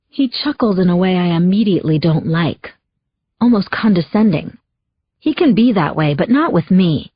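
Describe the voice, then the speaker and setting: A woman narrating a first-person thriller audiobook in a measured, wry inner-monologue voice. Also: medium pitch, lively intonation, breathy edge, dry recording. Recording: dull lo-fi dry audio.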